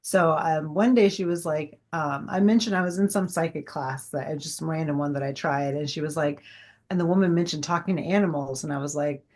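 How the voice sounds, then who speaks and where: A woman's voice: sits low, fairly quick, darkish tone. A woman in her forties, a guest chatting casually in an interview, rambling with many fillers and acting out past conversations.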